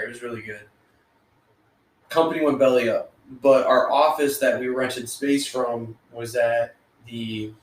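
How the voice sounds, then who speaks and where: A man, co-hosting a podcast and telling a story in a laid-back, unhurried way. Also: mid-range voice, recorded from a distance. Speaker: podcast co-host. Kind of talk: casual chat. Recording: echoey room, a bit away from the mic.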